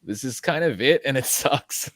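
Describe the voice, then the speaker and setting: A man's voice: mid-range voice, lively intonation, normal speed, a bit bright, dry recording. A man co-hosting a podcast in casual chat, hesitant and musing, with plenty of fillers. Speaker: podcast co-host.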